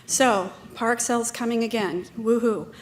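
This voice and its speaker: A woman's voice: on the high side, fairly even intonation, moderate pace, a little hiss or hum. A woman giving a talk at a conference, speaking in a chatty way with many fillers and restarts. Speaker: conference presenter. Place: conference room.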